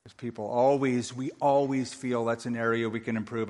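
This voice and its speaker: A man preaching a sermon as pastor, lively and humorous, acting out other people's prayers to make his points. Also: mid-range voice, normal speed. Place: church sanctuary. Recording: long reverb of a large hall.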